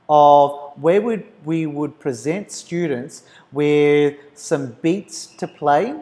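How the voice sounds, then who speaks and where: Slow-talking male lecturer. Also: on the high side, a little mellow. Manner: explains step by step, chants rhythm syllables. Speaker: university lecturer. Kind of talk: recorded lecture.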